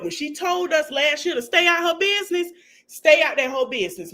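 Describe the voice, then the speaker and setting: A woman's voice: high voice, animated, brisk. A woman speaking talks straight to her livestream viewers. She scolds and repeats herself for emphasis, her blunt advice laced with swearing. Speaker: livestream host. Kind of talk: casual livestream commentary.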